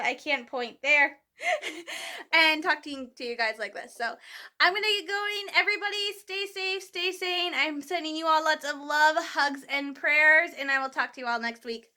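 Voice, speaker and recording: A young woman vlogging to camera, ranting in an emotional, animated, rambling way as a fan. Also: sits high. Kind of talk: casual chat to camera.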